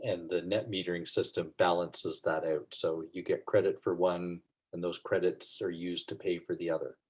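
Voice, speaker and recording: A man with a very deep voice hosts a webinar over a video call. He asks curious questions and then sums up each answer in simple words. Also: flat delivery, normal speed, a little mellow, husky. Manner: curious, recaps answers back in plain terms. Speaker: webinar host.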